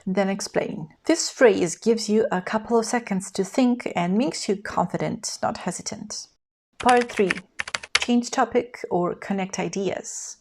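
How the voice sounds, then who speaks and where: Woman teaching English phrases clearly. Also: mid-range voice, measured pace. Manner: clear, even instructional delivery with modeled example phrases. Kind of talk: scripted language lesson.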